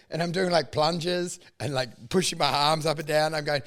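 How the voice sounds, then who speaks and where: A man's voice: a little high, fast, hardly any pauses, clear, resonant tone. A man telling a story in casual chat, acting out each line he quotes. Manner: animated anecdote teller, acts out quotes.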